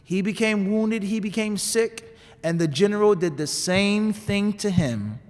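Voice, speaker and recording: A man's voice: high-pitched, unhurried, big-room sound. A man voicing a grieving peasant mother in a story told during a sermon. He speaks in an earnest, insistent way. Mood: grave.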